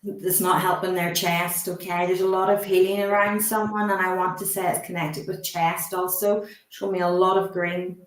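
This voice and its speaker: A woman working as a medium, talking haltingly and gently reassuring the sitter, often asking permission. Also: lowish voice, little pitch movement. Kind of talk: live mediumship demonstration. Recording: roomy echo.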